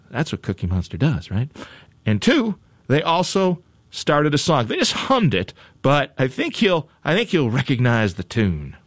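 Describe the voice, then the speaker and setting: A man's voice: mid-range voice, no room sound. A man hosting a news chat show, talking casually with a wry, joking edge. His voice rises and falls a lot as he repeats phrases for emphasis, recorded close and dry. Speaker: radio show host.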